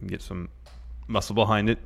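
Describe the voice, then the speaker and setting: A man co-hosting a casual podcast, trading easygoing remarks and quick agreements with his co-host. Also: on the low side, steady tone, creaky. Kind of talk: casual chat.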